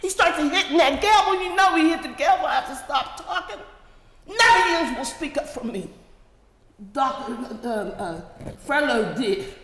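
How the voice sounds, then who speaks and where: Angry woman speaker at a council podium, high animated voice, booming hall. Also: normal speed. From Pittsburgh, USA. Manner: angry, indignant, confronting council members directly. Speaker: public commenter at a city council meeting. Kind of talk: impassioned public comment. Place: large council chamber. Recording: echoey hall with long reverb.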